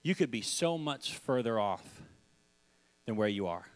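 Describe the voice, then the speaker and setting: A young man preaching a sermon, acting out stories with sudden shouts and repeated words. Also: medium pitch, expressive, a little slow. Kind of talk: animated sermon storytelling.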